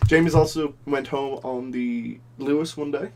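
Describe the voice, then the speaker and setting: A young man, co-hosting a podcast in casual chat and teasing his friend with quick banter. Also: medium pitch, steady tone, mellow, a little hiss or hum. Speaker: podcast co-host.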